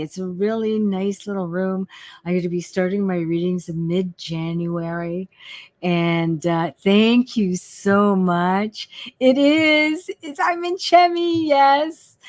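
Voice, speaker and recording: A middle-aged woman, a psychic medium, chatting on her live stream in a bubbly, excitable way and repeating herself. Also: mid-range voice, takes it slowly, no room sound. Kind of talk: casual live-stream chat.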